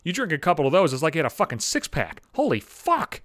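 A man with a fairly high voice rambles through a comic story on his podcast, swearing constantly and getting animated. The sound is dry and close to the mic. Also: fast talker, no echo. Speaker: podcast host. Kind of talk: comedic storytelling monologue.

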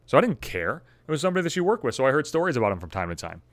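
A man telling a personal story to camera in a profane, animated way, acting out his own thoughts. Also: medium pitch, rapid-fire, no echo. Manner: animated, swearing, acts out his own inner voice. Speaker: vlogger.

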